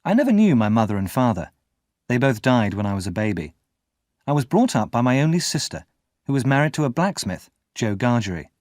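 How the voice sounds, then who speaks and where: A man giving scripted storybook narration for English learners, clear and measured. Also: medium pitch, big pitch swings, a little mellow, no room sound, studio quality. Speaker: audiobook narrator.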